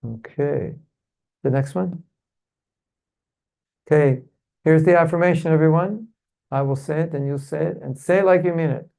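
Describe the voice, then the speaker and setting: Guy giving a spiritual seminar, super gravelly voice, kinda high, keeps going "isn't it?". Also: normal speed, pauses often, warm tone. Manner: rhetorical, keeps asking "isn't it?"; leads the audience in call-and-response. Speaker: seminar speaker. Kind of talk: devotional seminar talk. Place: temple hall with an audience.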